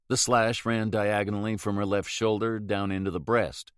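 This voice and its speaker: A male audiobook narrator with a fairly low voice reads in a steady, measured way. The recording is dry and close, with no room sound. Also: smooth, dry recording. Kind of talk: scripted narration.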